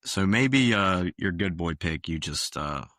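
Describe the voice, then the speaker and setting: A man co-hosting a sports podcast in casual chat, talking in a measured, hesitant way with many fillers. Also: low-pitched, animated, a bit bright, no echo, studio quality. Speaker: podcast co-host.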